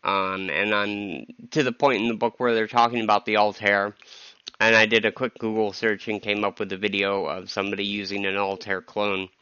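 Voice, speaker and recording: A man hosting a podcast, talking through a personal monologue in a halting way, with many ums and restarts, sounding stressed. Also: on the low side, little pitch movement, sharp tone, clean tone, no echo, highs cut off. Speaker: podcast host.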